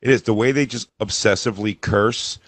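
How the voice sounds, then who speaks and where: A man's voice: fairly low pitch, fairly quick, a bit bright, dry recording. A man co-hosting a casual podcast, throwing in crude, teasing jokes. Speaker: podcast co-host.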